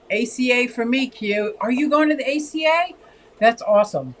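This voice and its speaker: An older woman hosts a casual fish livestream from home, chatting as she reads comments. Her voice sits at an ordinary middle pitch, lively one moment and soft the next. A faint background hum runs under her talk. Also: a little slow, rough recording. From Pennsylvania, USA. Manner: chatty and expressive, often sways between lively and soft. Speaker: livestream host.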